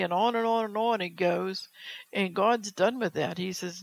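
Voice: medium pitch, normal speed, creaky, poor audio. A preacher delivering a fervent sermon, exhorting the church with rhetorical questions and reading scripture aloud.

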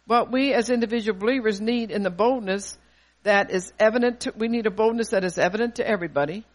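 An older preacher delivering a sermon with emphatic, forceful conviction, quoting scripture and asking the congregation rhetorical questions. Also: mid-range voice, fast.

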